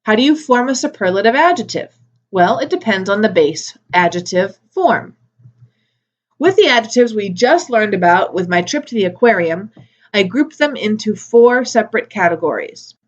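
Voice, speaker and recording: A woman teaching an English grammar lesson, modelling words slowly and carefully for learners. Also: mid-range voice, lo-fi sound. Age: adult with a daughter. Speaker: ESL teacher.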